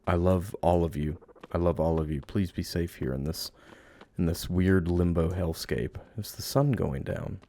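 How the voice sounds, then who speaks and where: Deep gravelly man playing a game. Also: normal speed. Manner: playful, coos and baby-talks at game creatures; drifts into hushed, musing narration. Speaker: game streamer. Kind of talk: let's play commentary.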